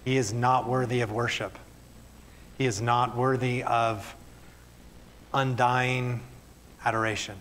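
A man's voice: mid-range voice, little pitch movement, takes it slowly, pauses often, a bit bright, a little hiss or hum. A male pastor reading scripture aloud and preaching earnestly to his church. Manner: reads scripture then speaks plainly and earnestly to the congregation. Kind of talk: sermon.

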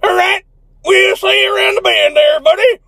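A man's voice: extremely high pitch, brisk, gravelly, bright, forceful tone, no echo. A young man hosting a goofy comedy tutorial, laughing often and jumping into silly character voices. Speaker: comedy YouTuber.

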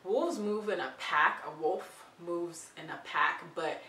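A woman's voice: lowish voice, slow pace, pushed and bright, slight background noise. A young woman vlogger chatting playfully through tag questions, with giggly asides. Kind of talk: casual chat answering tag questions. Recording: roomy, distant from the mic.

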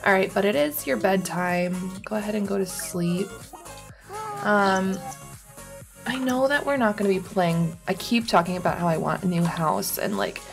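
A woman's voice: medium pitch, creaky. A young woman giving rambling, casual commentary on her own gameplay, full of ums and likes. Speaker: gaming YouTuber.

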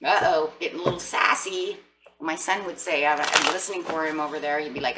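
A woman's voice: deep voice, a little fast, far from the mic, background noise. A middle-aged woman giving a casual tarot reading in a playful, sassy, chatty way. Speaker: tarot reader.

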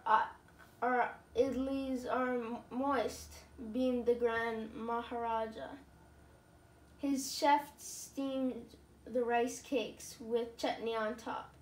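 A woman reading a children's picture book aloud, slowly and carefully, with small slips. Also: a little high, distant mic. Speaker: storybook reader. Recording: roomy, from away from the mic.

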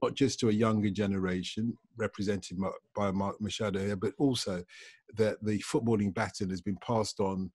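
A man's voice: fairly low pitch, steady tone, moderate pace, a little mellow, slightly rough, dry recording. A man hosting a casual football discussion, chatty and laughing easily. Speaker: host.

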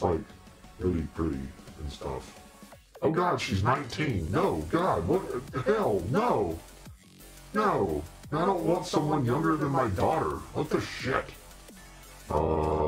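A man's voice: deep voice, a little mellow. A middle-aged man, hosting a casual live stream chat, joking and rambling and laughing often.

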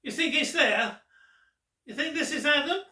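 Male gospel magician, teasing and unhurried, with a bright tone, heard with a roomy, distant sound. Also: very high voice. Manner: playful and teasing, addressing the viewer. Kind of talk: magic trick with a Gospel story. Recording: roomy echo, distant mic.

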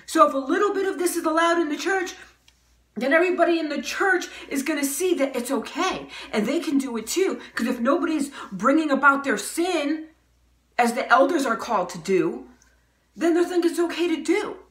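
Fervent high-voiced woman preaching. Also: animated, normal speed, a bit bright, echoey room. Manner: emphatic, fervent, fires rhetorical questions. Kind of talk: impassioned video sermon.

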